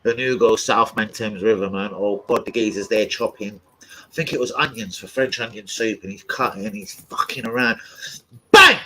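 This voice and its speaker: The football fan channel host, a young man, speaks at normal speed in a fairly low voice, telling loud, rowdy stories with frequent swearing, yelps and laughter. The low-quality recording has a little hiss or hum.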